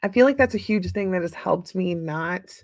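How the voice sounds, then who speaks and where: A woman's voice: on the low side, normal speed, dry recording, studio quality. A middle-aged woman hosting her own podcast, talking casually and upbeat, laughing often and filling her talk with fillers. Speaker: podcast host. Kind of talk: casual solo talk with listener comments.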